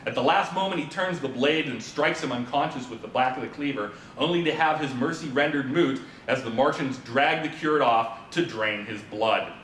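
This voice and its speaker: With a fairly bright tone, a moderate pace, and few pauses, a man lectures informally in a symposium presentation room. He narrates a story to the audience, quizzes them, and leans on fillers; the audio is roomy and distant with a slight rumble.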